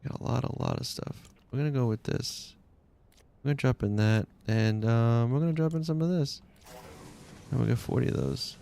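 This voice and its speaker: A man's voice: medium pitch, normal speed, gravelly, dark tone. A man live-streaming a game, chatting casually in a rambling, slangy way full of "like"s. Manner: laid-back, rambling, slangy with many "like"s. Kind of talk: casual live-stream chat while playing.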